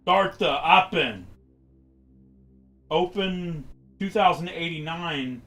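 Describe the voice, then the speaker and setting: A man voicing a confused woman from the future who speaks halting, broken English. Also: a little high, a bit bright, faint music behind. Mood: halting, puzzled. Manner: halting, fragmented speech.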